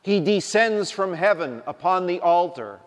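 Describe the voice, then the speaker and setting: A man preaching a sermon, speaking in a deliberate, emphatic way. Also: high voice, lively intonation. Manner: slow, deliberate, emphatic delivery. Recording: long reverb of a large hall.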